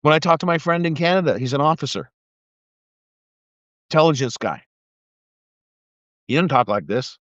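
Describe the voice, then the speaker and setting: A middle-aged man rants with heated, profane sarcasm into a live stream, his voice pitched a little above the usual male range. The sound is dry, with no room around it, and slightly muffled, like a phone or webcam mic. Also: animated, normal speed, pauses often, a bit bright, no room sound. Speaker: live video streamer, former military investigator. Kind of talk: angry political rant.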